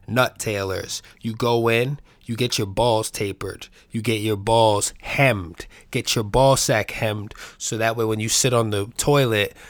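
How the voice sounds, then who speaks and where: A man hosting a solo comedy podcast, talking in a loud, hype-man style full of swearing. His voice sits mid-pitch and sounds close and dry, with no room around it. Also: no room sound. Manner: animated, profane, hype-man delivery. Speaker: podcast host.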